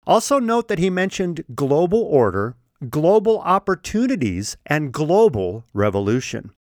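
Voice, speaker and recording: A man's voice: a little high, measured pace, dry recording. A man hosting his own podcast, delivering an emphatic, opinionated monologue into a close microphone. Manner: emphatic, animated, laughs at his own jokes. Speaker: podcast host.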